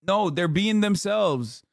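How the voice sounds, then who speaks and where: A man with a high-pitched voice rants in casual live-stream commentary, incredulous and profane as he reacts to clips. The sound is dry and close, with no room echo. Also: gravelly. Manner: incredulous, profane, animated ranting.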